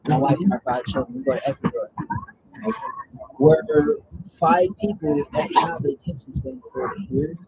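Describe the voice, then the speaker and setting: A man's voice: a little high, big pitch swings, normal speed, creaky. A man in casual chat, blunt and profane, reacting with disbelief. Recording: noisy background hiss.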